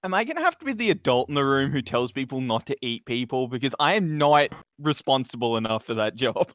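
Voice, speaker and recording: A mid-pitched man who makes wry, self-mocking remarks during a tabletop session. His voice is dry and close, with no room sound. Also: sing-song, fairly quick, a bit bright, dry recording. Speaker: player. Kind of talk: casual tabletop game chat.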